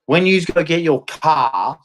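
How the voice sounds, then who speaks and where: A man's voice: a little high, a little slow, rough recording. A man ranting bitterly to camera, repeating "man" and "right" as he vents. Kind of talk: angry monologue to camera.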